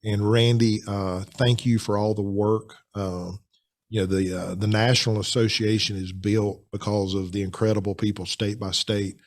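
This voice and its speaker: Man, podcast host, lowish voice, chatty, animated, casual conversation. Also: moderate pace. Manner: animated, chatty, frequent restarts.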